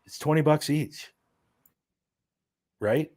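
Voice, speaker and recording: A man's voice: on the high side, slow, a little mellow, no echo, studio quality. A man explaining plans as a guest in a casual podcast interview, rambling with plenty of fillers. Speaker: guest, event organizer.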